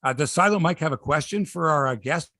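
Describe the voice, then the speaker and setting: A man's voice: fairly high pitch, lively intonation, fairly quick, bright, forceful tone, no echo. Upbeat podcast host man, dry sound. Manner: upbeat, wrapping up with thanks and plugs. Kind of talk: casual podcast chat.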